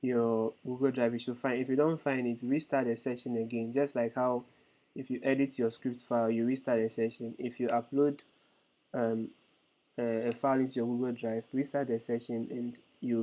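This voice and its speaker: A man's voice: mid-range voice, little pitch movement, brisk. A male instructor explaining code step by step in a live online lesson, hesitant with frequent fillers. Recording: tinny phone-like call audio.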